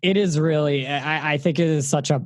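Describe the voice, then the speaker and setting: A man's voice: fairly high pitch, fairly even intonation, moderate pace, no echo. A man chatting enthusiastically about films on a podcast, often repeating words as he thinks. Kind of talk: casual podcast chat about a film.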